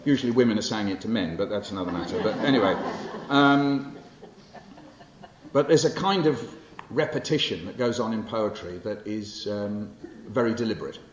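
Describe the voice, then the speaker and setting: Low-voiced older man lecturing in a roomy hall. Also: moderate pace. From England. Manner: conversational and wry, with frequent fillers and self-corrections. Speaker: poet giving a public lecture. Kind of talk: lecture with poetry readings. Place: library lecture hall with an audience. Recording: roomy, muffled hall recording with faint hiss.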